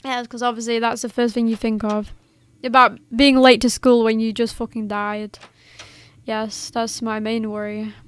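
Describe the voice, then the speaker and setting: A woman's voice: on the high side, flat delivery, moderate pace, clear, resonant tone, faint music behind. A woman streamer giving casual, sarcastic let's-play commentary, joking and swearing as she plays. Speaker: streamer playing a game.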